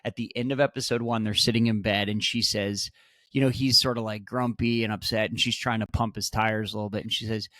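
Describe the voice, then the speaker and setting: Low-voiced man chatting on a podcast. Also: fairly quick, dry recording. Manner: animated, repeats and restarts, swears. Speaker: podcast co-host. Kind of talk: casual chat.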